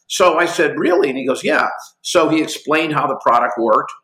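Animated storyteller man in his sixties, bright voice. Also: fairly high pitch, a little fast, echoey room. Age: 60s. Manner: lively anecdotes acting out both sides of conversations. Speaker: guest, company executive.

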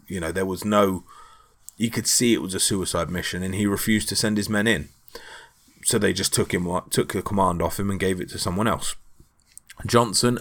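Man, podcast host, low voice, casual history storytelling, lots of ums, chatty asides. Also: fairly bright tone. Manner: frequent ums, conversational asides to the listener.

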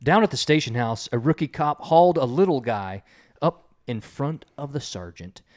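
A man's voice: mid-range voice, animated, moderate pace, a little mellow. A man hosting an informal home quiz game, reading jokes aloud and chuckling at them, with a loose style full of fillers. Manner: chuckles at his own jokes. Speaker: quiz host.

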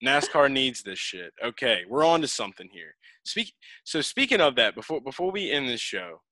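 A male podcast host with a bright, forceful tone that jumps around lively in pitch. He talks in a teasing, playful way, often restarting his sentences, and the sound is close and dry. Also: normal speed, no echo. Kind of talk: casual chat.

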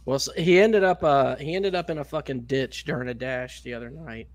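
A man co-hosting a casual podcast, telling a story in a loose, profane, animated way. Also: medium pitch, brisk. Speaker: podcast co-host. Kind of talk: casual chat.

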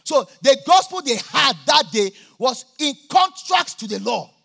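A man preaching a sermon at a church campmeeting, jovial and laughing often, now and then bursting into shouts. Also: very high voice, sing-song, unhurried, vocal fry. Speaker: pastor.

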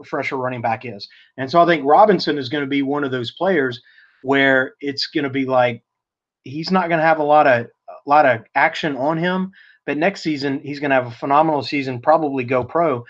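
A man co-hosting a sports podcast in casual chat, telling stories in an animated way and laughing as he goes. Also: medium pitch. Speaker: podcast co-host. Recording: lo-fi, slightly dull sound.

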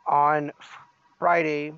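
A man co-hosting a casual podcast, teasing his partner in quick banter. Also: on the high side, flat delivery, clean tone. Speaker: podcast co-host. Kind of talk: casual chat. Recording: dull lo-fi audio.

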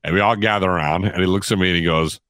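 A middle-aged man tells a story in a casual, animated way. He laughs as he talks and acts out the lines of the people in it. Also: low-pitched, rapid-fire, no echo. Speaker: guest storyteller.

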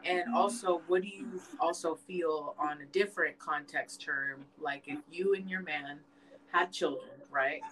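A woman's voice: deep voice, unhurried. A young woman co-hosting a casual podcast, telling stories with lots of swearing and acted-out quotes. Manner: animated storytelling, swears a lot, acts out quoted voices. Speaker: podcast co-host. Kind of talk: casual chat. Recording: noisy home podcast recording.

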